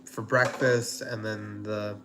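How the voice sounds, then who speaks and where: A man's voice: on the low side, little pitch movement, slow, background noise. A man hosting a casual cooking livestream from his home kitchen, rambling and chatty with lots of fillers. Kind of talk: casual live-stream chat.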